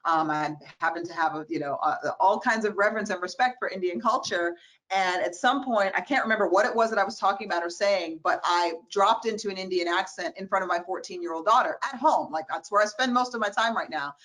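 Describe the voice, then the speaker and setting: A woman in her forties, a diversity expert, telling personal stories in a webinar interview on a video call, animated and expressive. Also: mid-range voice, a little fast, rough recording. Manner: animated, expressive storytelling with quoted voices. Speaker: diversity expert, guest speaker.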